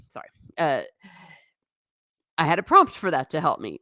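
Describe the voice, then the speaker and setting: A woman's voice: lowish voice, normal speed, long pauses, dry recording, studio quality. A woman talking casually in a live stream review, eagerly acting out lines from scenes as she goes. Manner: animated, acts out quotes from scenes. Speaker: TV show reviewer.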